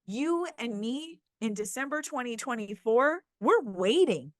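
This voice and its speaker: A woman co-hosting a podcast in casual chat, excited and emphatic, swearing freely. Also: on the high side, unhurried, no echo. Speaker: podcast co-host.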